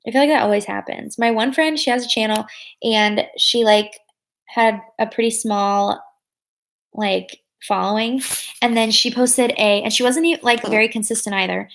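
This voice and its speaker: A young woman in her twenties chats casually with her livestream viewers, reading their comments aloud and using lots of fillers. Her medium-pitched voice is gravelly and a bit bright, with a steady tone and moderate pace.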